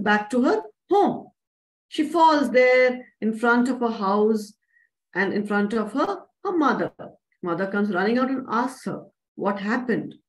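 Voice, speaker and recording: Animated woman telling a children's story. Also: on the high side, poor audio. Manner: animated, asks the audience questions.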